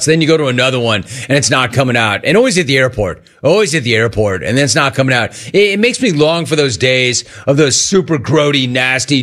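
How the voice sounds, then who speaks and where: A man hosting a sports talk radio show, taking calls and joking around in a fast, rapid-fire way. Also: mid-range voice, bright, forceful tone.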